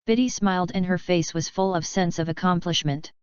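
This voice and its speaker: A woman reading a fanfiction audiobook aloud in an even, steady manner. Her low voice is very clear and close to the mic, in a dry, slightly dull lo-fi recording. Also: fairly quick, dry recording. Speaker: audiobook narrator.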